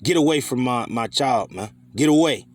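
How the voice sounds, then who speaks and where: A man's voice: medium pitch, expressive, normal speed. Scolding profane man preaching scripture. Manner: scolding, profane, rhetorical questions. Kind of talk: fiery scripture teaching.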